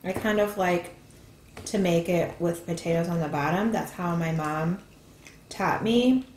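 A woman's voice: on the low side, unhurried, a little mellow, a little hiss or hum. Chatty woman cooking in an echoey kitchen. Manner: chatty, explains steps as she goes. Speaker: cooking channel host. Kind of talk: casual cooking chat. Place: home kitchen.

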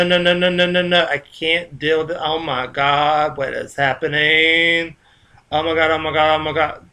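Bright-voiced man rambling on his vlog. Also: a little high. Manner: loose, chatty storytelling with cursing and asides. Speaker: vlogger.

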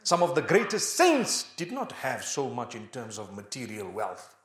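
A man's voice: medium pitch, wildly swooping pitch, normal speed, fairly bright tone, echoey room. A man preaching a sermon, asking rhetorical questions and chanting Arabic verses. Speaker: Islamic preacher.

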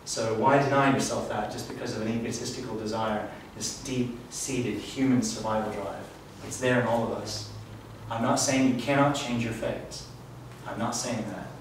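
Male speaker, mid-pitched, earnest and reflective, live talk; roomy echo, far-off mic, light hiss. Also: steady tone, normal speed. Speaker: spiritual workshop speaker. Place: event room. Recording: echoey room, distant mic, faint hiss.

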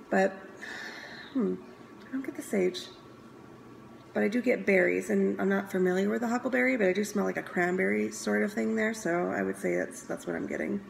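Chatty woman with a gravelly edge. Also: mid-range voice, slight background noise, low-quality recording. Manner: chatty, enthusiastic, stops to sniff and muse aloud. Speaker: scent consultant reviewing products. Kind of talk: casual product review vlog.

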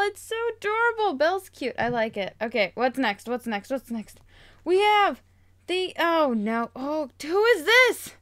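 Excitable young woman, high voice, gushing over toys, dry close sound. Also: dry recording. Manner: bubbly and excitable, gushing with frequent gasps. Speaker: toy unboxing vlogger. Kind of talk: casual unboxing chat.

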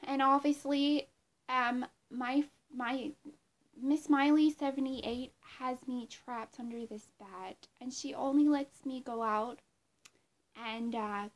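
A woman doing an impression of a bubbly young female pop star, speaking slowly and sweetly. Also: high voice. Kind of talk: celebrity impression.

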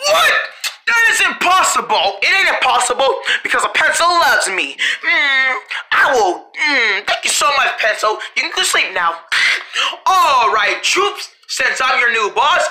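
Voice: mid-range voice, bright, forceful tone. A storyteller acting out a playful, bossy back-and-forth among several characters, switching voices as they go. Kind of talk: playful improvised character play.

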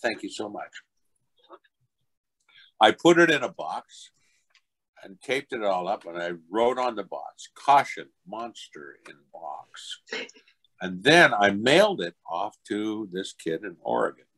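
A man's voice: unhurried, poor audio. An older man, a voice actor, telling anecdotes in an interview and acting out other people's voices. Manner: animated, acts out other people's voices in high pitch. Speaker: voice actor guest.

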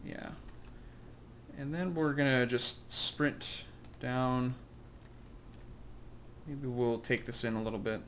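A man talks through a video game at a mid pitch in a loose, meandering way, poking fun at his own choices and chuckling as he goes. Faint keyboard tapping sits quietly behind him. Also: takes it slowly, long pauses, a little hiss or hum. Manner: rambling, self-deprecating, chuckling asides. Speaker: let's play host. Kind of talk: casual gameplay commentary.

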